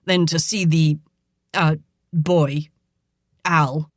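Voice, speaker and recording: A woman voicing a stern, blustering older father, lowering her voice to sound gruff and terse. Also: fairly even intonation, very slow, no room sound, clean studio sound. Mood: flustered.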